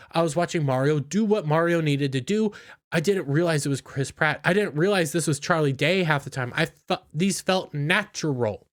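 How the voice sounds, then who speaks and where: A man's voice: a little high, fairly bright tone. A man giving opinionated commentary in an indignant, scornful, ranting manner. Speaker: YouTube commentator.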